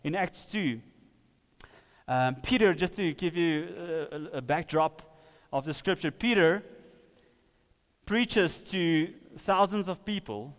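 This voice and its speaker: A man's voice: a little high, slow pace, long pauses, in a large hall. A man preaching a sermon in a casual, conversational way, often acting out what people said.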